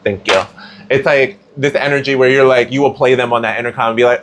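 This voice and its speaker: A man's voice: mid-range voice, fairly even intonation, fast, noisy background. A man giving a casual tarot reading, chatty and slangy, with plenty of filler words. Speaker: tarot reader.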